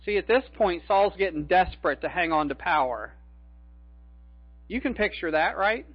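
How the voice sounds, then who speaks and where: A high-voiced man delivers a folksy, conversational sermon, slipping homey jokes in among the scripture. The recording is dry and a little muffled. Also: expressive, normal speed, breathy edge, dry recording. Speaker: preacher.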